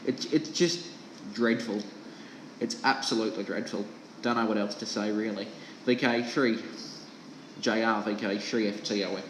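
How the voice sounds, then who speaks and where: An Australian man talking earnestly and haltingly on an amateur radio net. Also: on the low side, steady tone, slight background noise. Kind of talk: casual amateur radio chat. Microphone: ham radio transceiver mic. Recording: echoey radio transmission.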